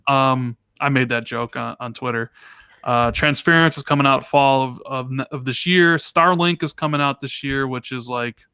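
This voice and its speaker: Animated man ranting on a gaming podcast. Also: mid-range voice, moderate pace, clean tone, dry recording, studio quality. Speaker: podcast co-host. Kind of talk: casual gaming podcast chat.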